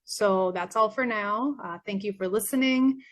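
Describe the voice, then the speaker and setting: Speaking at normal speed in a mid-range voice, a young woman from Canada shares her story as a former patient. She sounds sincere and thankful, fills her speech with fillers, and is clearly losing her voice.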